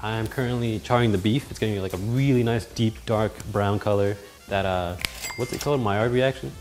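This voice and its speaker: A man hosting a casual cooking vlog in a home kitchen, talking in a joking, self-mocking way with sudden loud outbursts. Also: on the low side, fairly quick, faint music behind. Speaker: cooking video host.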